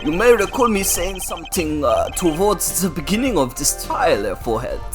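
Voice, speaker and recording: A woman voicing a smooth, teasing young male prosecutor in a fan game dub. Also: fairly low pitch, sing-song, normal speed, music in the background. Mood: suave.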